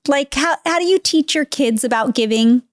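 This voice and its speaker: A woman's voice: sits high, moderate pace, dry recording, studio quality. A woman hosting a podcast interview, casual and emotional. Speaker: podcast host.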